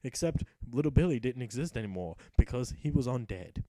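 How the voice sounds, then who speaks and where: Young male gamer spinning a profane mock-epic tale over his play; mellow voice, swooping lively delivery. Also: mid-range voice, brisk, no echo, low-quality recording. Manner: profane, sarcastic storyteller voicing his character. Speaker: gameplay commentator. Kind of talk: mock-epic narration of gameplay.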